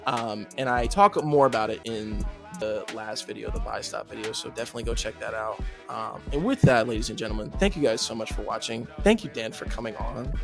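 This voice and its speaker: A man's voice: lowish voice, a little fast, vocal fry, hardly any pauses, music in the background. A young man hosting a podcast, chatting casually and upbeat, laughing often and swearing now and then. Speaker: podcast host. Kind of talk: casual chat.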